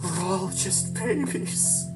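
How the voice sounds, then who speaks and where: A storyteller narrates a first-person horror tale slowly, with raw, tearful emotion that erupts into frantic outbursts. The voice has a middling pitch, and clear guitar music plays steadily underneath.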